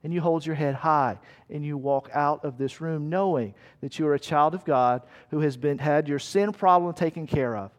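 Earnest, fairly high-voiced male pastor. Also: moderate pace, hardly any pauses. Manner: earnest, emphatic, with rhetorical questions. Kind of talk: sermon. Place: church meeting room.

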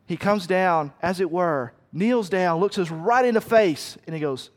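A middle-aged man delivers a sermon in a loose, conversational way, turning to the congregation with asides and little acted quotes. His voice sits fairly high for a man. The sound rings with a long reverb, like a large hall. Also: a little slow, few pauses. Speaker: pastor.

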